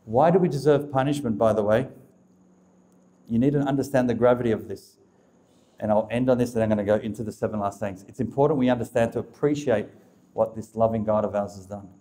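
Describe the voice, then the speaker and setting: Man, speaker of a religious talk, mellow voice, emphatic and direct with the crowd. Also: fairly low pitch, brisk. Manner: emphatic, repetitive, addresses the audience directly. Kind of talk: preaching talk to a live audience.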